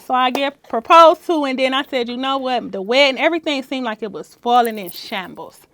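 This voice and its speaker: High-voiced woman telling lively stories. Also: brisk. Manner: lively, laughing storyteller who acts out quotes. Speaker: podcast guest, business owner. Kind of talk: casual interview chat.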